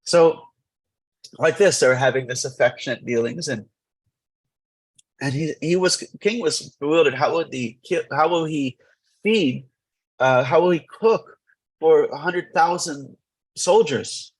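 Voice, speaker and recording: Husky man telling a temple story. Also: fairly high pitch, unhurried, long pauses, rough recording. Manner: animated, rambling with restarts. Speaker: temple class teacher. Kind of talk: lively storytelling scripture class.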